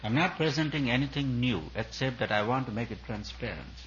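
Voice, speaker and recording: A man's voice: medium pitch, lively intonation, brisk, fairly bright tone, dull audio, slight background noise. A man, a spiritual teacher, giving an earnest discourse at a retreat, building his points through repeated emphatic phrases.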